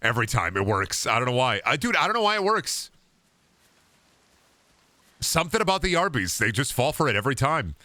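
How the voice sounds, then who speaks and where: A man's voice: mid-range voice, very animated, fairly quick, long pauses, bright, forceful tone, no echo. A man streaming a video game, joking, rambling and trash-talking in casual chat.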